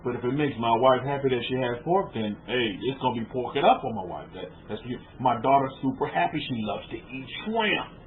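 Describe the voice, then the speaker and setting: A man's voice: medium pitch, lively intonation, fairly quick. Man preaching over a tinny line. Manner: informal, rhetorical questions to listeners, repeats words. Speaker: rabbi teaching a congregation. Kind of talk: conversational sermon lecture. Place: room with a small group of about twelve. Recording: tinny phone-like lo-fi with faint noise.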